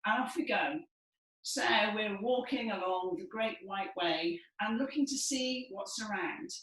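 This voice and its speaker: A woman, possibly from Wales, leading a guided breathing and vocal warm-up in a lively, encouraging, playful way. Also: mid-range voice, measured pace, distant mic. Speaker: dance and movement leader. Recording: echoey room from afar.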